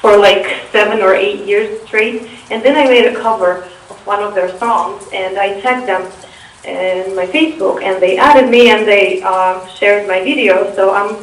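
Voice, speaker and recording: A young woman with a Russian accent talks through interview answers in an unhurried, hesitant way, full of fillers and false starts. Her voice sits at an ordinary pitch and comes from some distance off the mic in an echoey room. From Eastern Europe. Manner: hesitant, lots of fillers and restarts. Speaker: interview guest.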